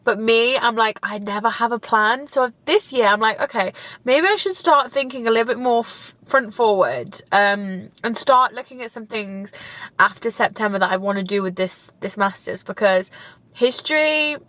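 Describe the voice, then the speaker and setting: A woman's voice: a little high, moderate pace, a bit bright, no room sound. A young woman, vlogging casually from her car, chatty and gushing, now and then tearful. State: tearful at times. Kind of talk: casual chat while driving. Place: inside a car.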